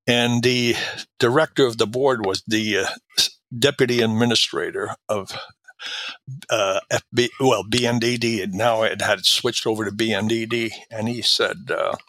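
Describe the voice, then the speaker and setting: An older man from Quebec, Canada, a retired drug agent appearing as an interview guest, tells long anecdotes packed with fillers and acts out quoted dialogue. His voice is lowish and a bit bright, with fairly even intonation at normal speed, in a dry recording.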